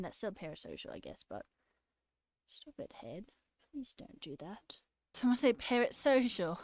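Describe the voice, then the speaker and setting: A woman's voice: mid-range voice, a little mellow. A woman streamer in a casual, rambling live-stream chat, talking playfully with her viewers and answering their comments.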